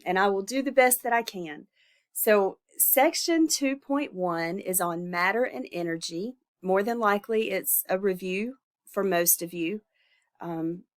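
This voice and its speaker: A woman instructor recording a lecture, her voice stuffy and congested from illness, speaking informally with fillers and self-corrections. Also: mid-range voice.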